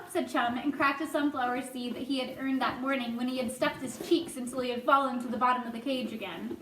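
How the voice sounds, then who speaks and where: A woman reading a children's novel aloud, expressive, with chatty asides to her listeners. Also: sits high, fairly quick, few pauses. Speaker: storyteller. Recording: echoey room, faint noise.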